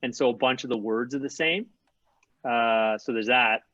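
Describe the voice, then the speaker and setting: A man's voice: medium pitch, moderate pace, fairly bright tone, dry recording. Man rambling on a video call. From Newfoundland, Canada. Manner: rambling, many fillers and restarts. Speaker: guest. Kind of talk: casual video call chat. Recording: dull lo-fi video call audio.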